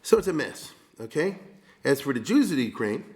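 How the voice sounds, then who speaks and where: A man, a rabbi, giving a conversational history lecture, full of rhetorical asides and quick check-ins with his listeners. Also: mid-range voice, big pitch swings, reverberant.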